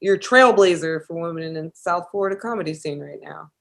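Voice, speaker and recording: A woman's voice: lowish voice, fairly quick, creaky. A woman hosting a podcast, asking easygoing follow-up questions to her guest. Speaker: podcast host. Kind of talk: casual podcast interview.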